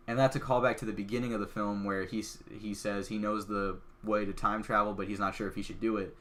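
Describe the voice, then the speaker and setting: A man hosting a podcast, excitedly retelling a film in a casual, chatty way full of "like" fillers. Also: lowish voice, normal speed. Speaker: podcast host. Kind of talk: casual movie recap.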